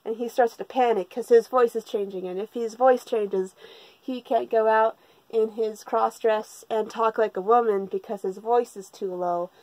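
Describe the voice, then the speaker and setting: Woman reviewer, sarcastic and profane comedic recap, slightly high voice, dry close sound. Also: steady tone, normal speed, darkish tone, no room sound, rough recording. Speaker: manga reviewer.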